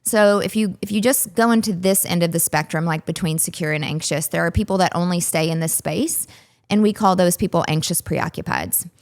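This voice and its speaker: A woman with a Southern US accent, a relationship coach and psychologist, explaining things clearly and patiently as an interview guest. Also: on the low side, a little fast.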